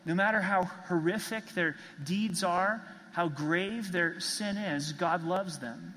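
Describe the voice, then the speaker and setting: Key phrases come back again and again as a pastor gives an earnest, emphatic sermon in a bright, fairly high voice. The sound rings out with a long reverb, like a church hall.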